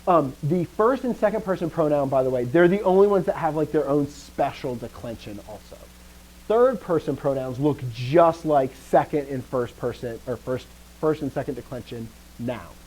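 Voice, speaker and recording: A man's voice: animated, moderate pace, poor audio. A man teaching a Greek lesson in a casual, self-correcting way, stopping often to check with the class and punching out stressed words to show emphasis. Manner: acts out emphasis with louder, higher stressed words.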